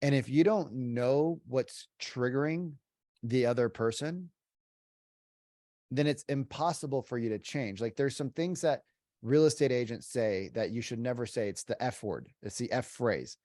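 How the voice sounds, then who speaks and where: A man's voice: mid-range voice, unhurried, dark tone, dry recording. A middle-aged man, a sales trainer talking casually as a podcast guest, emphatic and full of "like" and "right?".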